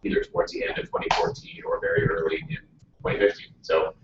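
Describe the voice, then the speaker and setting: A man from Canada introducing himself to a workshop, loud and upbeat with halting fillers. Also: fairly low pitch, huge pitch swings. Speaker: guest co-facilitator. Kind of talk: casual introduction. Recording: echoey room from far off, muffled, noisy.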